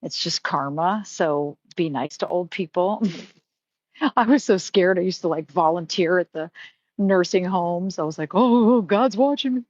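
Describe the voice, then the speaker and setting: A woman's voice: on the low side, a little slow, no echo, highs cut off. A middle-aged woman hosting a live stream, talking candidly in a rambling way, with frequent swearing and restarts. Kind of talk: casual live-stream chat.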